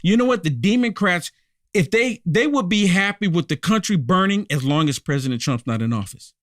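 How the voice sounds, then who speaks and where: A man's voice: sits high, lively intonation, fairly quick, fairly bright tone, no echo, studio quality. A man hosting a live-streamed political commentary, emphatic and repetitive, talking straight to his viewers and thanking them by name.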